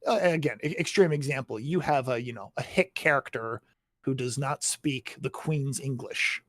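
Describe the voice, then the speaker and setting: A man's voice: mid-range voice, normal speed, dry recording. A man in a casual chat about writing, explaining his points and often checking in with tag questions.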